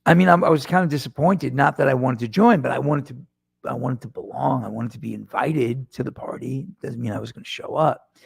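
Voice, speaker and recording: Middle-aged man, podcast host, rambling casual monologue, gravelly voice, dry close mic. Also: medium pitch, brisk, no room sound. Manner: rambling, self-deprecating, frequent restarts. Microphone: microphone in front of him.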